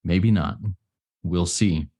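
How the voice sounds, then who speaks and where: A man voicing a calm, patient old farmer in a spoken fable, his tone even and unbothered. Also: deep voice, slow.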